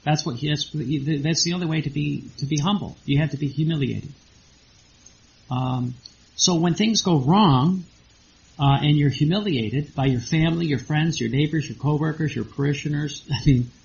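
A man's voice: on the high side, gravelly, slight background noise. A man, probably a priest, giving a rambling sermon full of rhetorical questions and repeated words. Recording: dull lo-fi recording.

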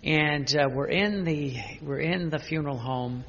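Gravelly older priest in a reverberant hall. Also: male voice, fairly high pitch, a bit bright, dull audio, a little hiss or hum. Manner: halting, many restarts and fillers, chuckles at memories. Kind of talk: unscripted spiritual talk with personal stories.

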